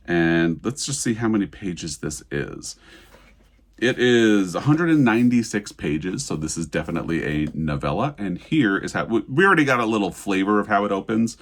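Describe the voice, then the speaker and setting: A man casually presenting a book haul, sounding eager and thankful as he chats about each book. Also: sits low. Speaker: book vlogger. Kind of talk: casual book haul talk with read-aloud excerpts.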